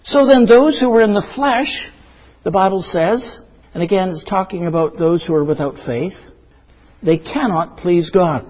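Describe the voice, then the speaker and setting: High-voiced husky male preacher, echoing hall. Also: moderate pace. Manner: earnest, rhetorical questions, emphatic repetition. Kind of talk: sermon. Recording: dull lo-fi recording with long hall reverb.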